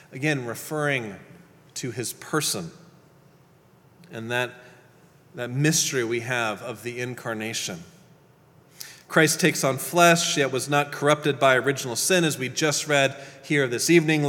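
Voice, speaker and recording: Male pastor, thirties, slightly high voice, earnest sermon delivery, long hall echo. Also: fairly bright tone.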